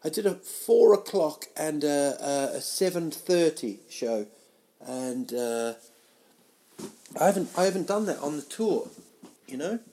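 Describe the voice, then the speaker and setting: A man hosting a solo podcast, rambling through silly tangents in a self-mocking way with sudden loud outbursts. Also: fairly high pitch, expressive, measured pace. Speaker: podcast host. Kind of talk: rambling solo comedy chat. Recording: home podcast mic, uneven sound.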